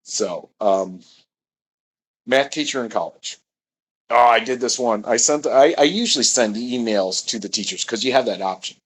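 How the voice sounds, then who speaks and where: A man's voice: medium pitch, animated, normal speed, fairly bright tone, a little hiss or hum, low-quality recording. A man telling a meandering personal story, often correcting himself mid-sentence.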